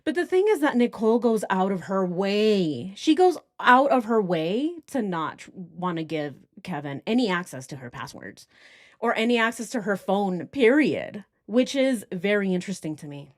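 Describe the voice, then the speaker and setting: A woman's voice: medium pitch, big pitch swings, moderate pace, dry recording, clean studio sound. A woman hosting a casual true crime livestream, rambling off on tangents and now and then putting on mocking voices.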